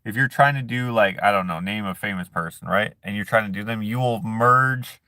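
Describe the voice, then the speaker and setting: A man's voice: fairly low pitch, a little fast, bright, forceful tone. A man hosting a casual live chat who reads viewer comments aloud and jokes and laughs at himself in a laid-back way. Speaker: streamer host.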